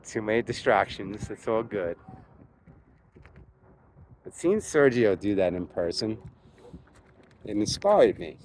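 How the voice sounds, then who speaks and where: A man's voice: on the low side, slight background noise. A man with a strong Long Island accent, telling a rambling story in a casual vlog while climbing a mountain outdoors, slightly out of breath. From New York. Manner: chatty, rambling, self-correcting storyteller. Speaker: poker vlogger.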